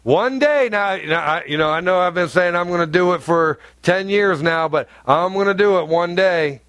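A man's voice: sits high, normal speed, fairly bright tone, clear, resonant tone, no echo. A male pastor preaching a sermon in a conversational, emphatic way, full of rhetorical questions.

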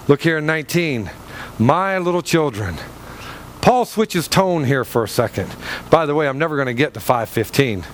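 Fervent preacher man, higher voice. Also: expressive, moderate pace, a little hiss or hum. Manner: fervent, rhetorical questions, dramatic pitch swings. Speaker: pastor. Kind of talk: sermon. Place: church.

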